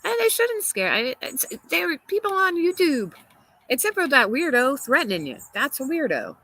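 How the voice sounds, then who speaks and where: Hosting a laid-back livestream from a garden, this woman works through viewer comments with plenty of opinions, chatter and frequent laughter. Her high, sing-song voice moves at a moderate pace and sounds bright and forceful, though the audio quality is poor.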